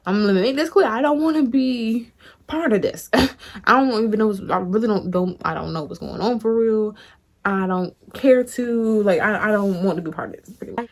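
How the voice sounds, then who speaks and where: A young woman tells a story to her viewers in a loose, animated, chatty way. She jumps up high when she gets excited and swears without a second thought. It sounds like talking to friends on camera. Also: moderate pace. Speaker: vlogger. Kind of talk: casual storytime.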